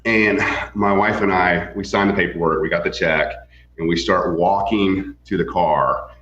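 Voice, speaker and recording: Low-voiced man in an echoey room. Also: steady tone, a little slow, a bit bright, slight background noise. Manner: rambling, many fillers and restarts. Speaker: real estate broker and guest. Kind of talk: casual storytelling in an interview. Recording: echoey, dull lo-fi sound.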